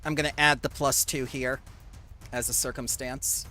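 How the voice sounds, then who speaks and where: A game master running a tabletop session, briskly explaining rules and rolls. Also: mid-range voice, steady tone, bright, forceful tone. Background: faint fantasy background music.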